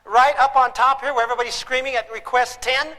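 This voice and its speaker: A man gives a comic parenting lecture, talking animatedly and breaking into shouted sound effects. His voice is very high and bright. The sound has the long reverb of a large hall. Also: steady tone, fast. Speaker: parenting speaker. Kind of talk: humorous lecture to an audience.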